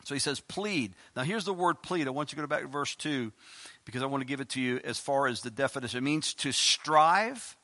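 A man preaching a sermon as pastor, emphatic and pleading, repeating lines and breaking into loud bursts, with plain-spoken asides. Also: medium pitch, fairly even intonation, fast.

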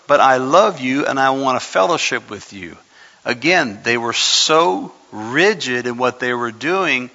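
Man preaching a sermon, bright forceful voice, pitch sitting a bit high, long church reverb, muffled recording. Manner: preaching with rising intensity, speeding up and slowing down for emphasis. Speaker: pastor. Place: church sanctuary.

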